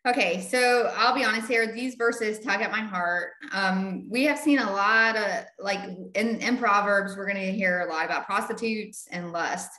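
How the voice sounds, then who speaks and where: A middle-aged woman, leading a Bible study and telling a story in animated casual chat. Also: mid-range voice, moderate pace, hardly any pauses. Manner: animated, acts out quoted voices. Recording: echoey room.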